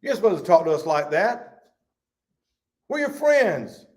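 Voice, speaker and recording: A man's voice: high voice, big pitch swings, measured pace. A man teaching a Bible study in a folksy, emphatic way, reading scripture aloud.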